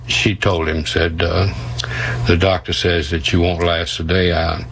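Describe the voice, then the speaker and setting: An older man, telling a historical story slowly and thoughtfully with many pauses, in an archival documentary clip. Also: low-pitched, level tone, fairly bright tone, slight background noise, poor audio. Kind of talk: unhurried storytelling.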